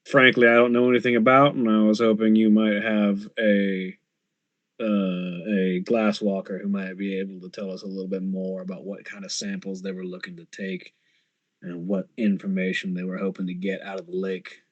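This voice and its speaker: A man playing a tabletop role-playing game, measured and polite as he asks for help. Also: low-pitched, flat delivery, no echo, highs cut off. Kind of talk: casual game table chat.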